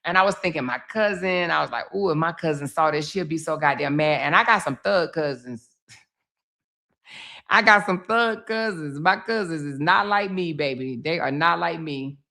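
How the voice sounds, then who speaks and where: A woman's voice: sits low, brisk, hardly any pauses, pushed and bright. A woman hosting a casual livestream, telling stories in a chatty way, swearing often and acting out what others said. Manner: chatty storytelling, swearing, acts out others' lines. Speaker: livestream host.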